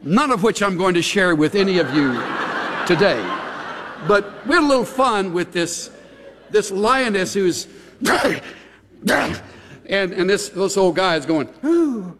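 A middle-aged man preaching a chatty, conversational sermon with animated, folksy asides. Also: high-pitched, measured pace, pauses often. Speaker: pastor. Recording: long hall reverb.

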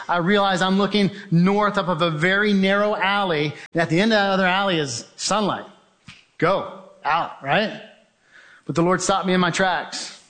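Man telling a vivid testimony. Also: a little high. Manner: vivid storytelling, acts out shouts and quoted voices. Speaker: speaker sharing a testimony. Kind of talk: spoken testimony to an audience.

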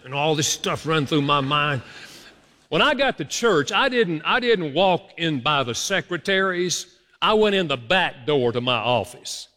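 Male pastor, sermon, bright forceful voice, slightly high, animated storytelling, long hall reverb. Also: moderate pace. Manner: animated storytelling with emphatic rises. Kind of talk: sermon on apology.

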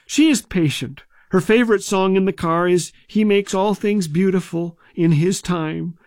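A man's voice: sits high, a little slow, darkish tone, dry recording. A man hosting a humor radio program, telling jokes and comic stories in a dry, scripted way. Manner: dry, joke-telling delivery. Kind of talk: scripted comedic storytelling.

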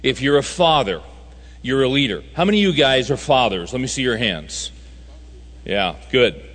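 A man's voice: medium pitch, expressive, moderate pace, a bit bright. A man speaking at a men's conference, telling folksy stories with humor and driving his points home through repetition. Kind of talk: sermon. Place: large conference hall. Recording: reverberant hall recording.

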